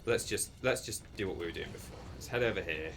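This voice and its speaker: A man's voice: sits low, fast, background noise. Chatty man streaming a game. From England. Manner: chatty, rambling, self-deprecating, reads chat aloud. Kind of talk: casual livestream chat.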